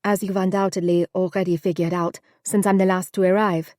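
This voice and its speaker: A young Parisienne with a Parisian French accent, as a woman narrator puts her on, quick, light and a touch nervous under her poise. Clean, dry storybook reading. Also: on the low side, flat delivery, darkish tone, no room sound, close to an everyday voice. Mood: polite. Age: young adult.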